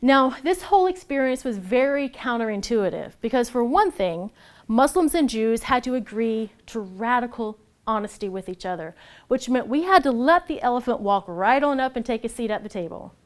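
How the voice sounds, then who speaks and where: A woman giving a personal storytelling talk, animated and laughing easily as she acts out the voices she quotes. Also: fairly high pitch, normal speed. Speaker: speaker at a storytelling event.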